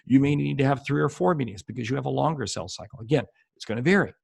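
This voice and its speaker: A man's voice: mid-range voice, expressive, rapid-fire, creaky, darkish tone, slightly rough, dry recording. A man giving a motivational sales coaching talk straight to the viewer, driving points home by repeating them with emphasis. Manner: emphatic, repeats key phrases for stress; speaks directly to the viewer. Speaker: sales trainer.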